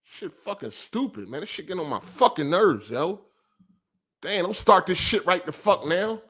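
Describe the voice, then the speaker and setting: A man's voice: high voice, lively intonation, normal speed, a bit bright. A man hosting a livestreamed gaming podcast, ranting with heavy profanity and reading viewer super chats aloud. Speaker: podcast host.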